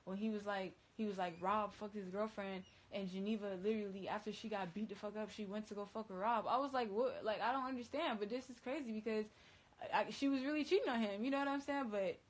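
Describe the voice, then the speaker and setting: A woman's voice: mid-range voice, quick pace, low-quality recording. A woman DJ telling a story in casual, profane slang on a phone livestream, rambling with lots of fillers.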